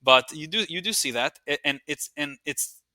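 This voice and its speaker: A man's voice: on the high side, normal speed, sharp tone, no echo. A man telling history as a podcast guest, eager and restarting often, mixing in Yiddish and Hebrew terms. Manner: eager, with frequent restarts and repeated words. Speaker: guest, researcher and writer. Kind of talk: storytelling history in conversation.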